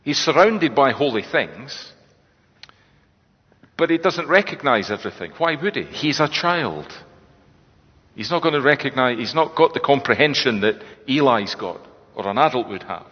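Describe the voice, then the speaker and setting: A preacher gives a sermon in a reflective, conversational way, dropping his voice for quoted lines. His slightly husky voice swings widely in pitch at a moderate pace, and a large hall's long reverb trails behind it on a dull, lo-fi recording.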